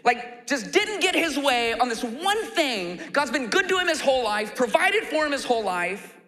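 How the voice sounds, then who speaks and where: A man preaching a sermon as a pastor, animated and acting out quoted complaints in a raised voice. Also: very high-pitched, normal speed, long reverb tail. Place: church auditorium.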